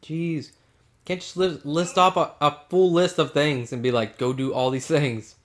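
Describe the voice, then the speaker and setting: A man on the high side speaks at a measured pace with a steady tone. During a casual gaming session with a friend, he jokes around and teases playfully, putting on mock-regal bits.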